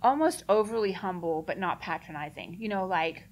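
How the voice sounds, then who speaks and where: Woman at a church conference Q&A, earnest and direct, mid-pitched, easy laugh. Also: expressive, brisk, few pauses. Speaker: conference speaker answering questions. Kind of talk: casual Q&A talk.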